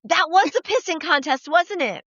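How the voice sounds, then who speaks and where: A woman hosting a podcast, telling profane, lively stories in casual chat and acting out the quoted lines. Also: very high-pitched, normal speed, dry recording. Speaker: podcast host. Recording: dull, dry lo-fi podcast audio.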